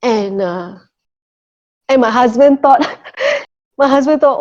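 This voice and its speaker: Middle-aged woman, fairly high voice, sharing a faith testimony earnestly, muffled lo-fi sound. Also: unhurried, long pauses, a little mellow. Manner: earnest, checks in with listeners, many repeated "okay" and "you know". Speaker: testimony speaker. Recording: muffled lo-fi recording.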